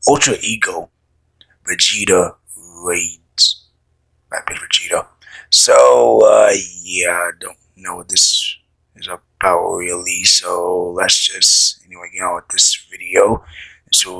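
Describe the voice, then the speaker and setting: A man's voice: low-pitched, flat delivery, unhurried, gravelly, pushed and bright, breathy edge, rough recording. A man hosting a reaction video, talking casually and hesitantly. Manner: laid-back, mumbling, hesitant.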